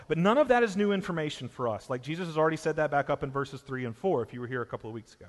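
A man with a Southern US drawl delivers a sermon, his voice sitting a touch high for a man. He presses his points hard, dropping low and then rising loud. A long reverb trails behind him as if in a sanctuary. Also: expressive, rapid-fire, hardly any pauses. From Southern United States. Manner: emphatic preacher, swings from quiet to loud. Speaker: pastor.

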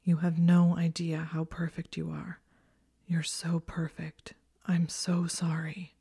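A woman voicing a guarded young wizard who apologizes quietly and intensely, often under his breath. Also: deep voice, flat delivery, moderate pace. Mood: whispered.

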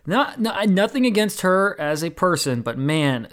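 A man's voice: fairly high pitch, expressive, moderate pace, few pauses, fairly bright tone. A man hosting his own wrestling review show, recapping matches in a rambling, casual way with many fillers and restarts.

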